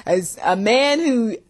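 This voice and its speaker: A woman hosting a faith-based talk about relationships, chatting casually, laughing often and acting out both sides of arguments. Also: mid-range voice. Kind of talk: casual spoken commentary with acted quotes.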